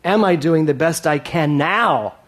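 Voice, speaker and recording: A man preaching a sermon to a congregation. He repeats his key phrases and swings between loud emphatic lines and soft asides. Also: on the high side, a little slow. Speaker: minister.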